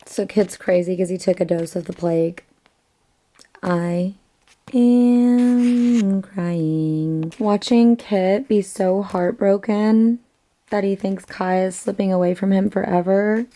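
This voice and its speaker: A woman's voice: medium pitch, unhurried, gravelly, mellow. A young woman in her twenties chatting casually in a reading vlog, reacting dramatically and gushing about a book. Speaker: book vlogger.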